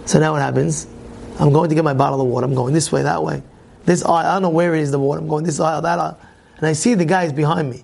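A man teaching a Torah class and telling a personal story, animated, often repeating words and restarting. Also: fairly high pitch, fast talker, gravelly.

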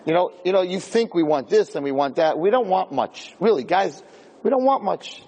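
Guy giving a funny talk, acts out all the scenes, kinda high voice, echoey hall. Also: normal speed. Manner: animated storyteller, acts out scenes. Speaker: lecturer giving Torah classes. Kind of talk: humorous lecture to an audience.

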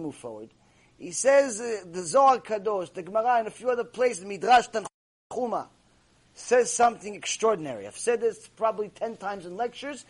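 A man teaching a Torah class as a rabbi, preaching emphatically to a live audience and repeating key phrases. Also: extremely high pitch. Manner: speaks straight to the audience with rhetorical questions. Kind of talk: sermon-style Torah lecture. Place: warm lecture room with a live audience.

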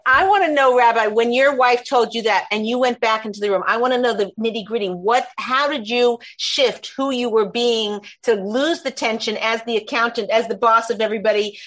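A woman with a fairly high voice asks questions in a casual interview. She rambles, restarts her sentences often and sounds excited. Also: a little fast, few pauses. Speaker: host, interviewer.

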